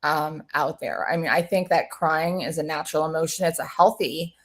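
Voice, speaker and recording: A woman's voice: low voice, steady tone, moderate pace. A woman hosting a casual webinar conversation, chatty and enthusiastic, affirming her guest as she talks. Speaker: webinar host.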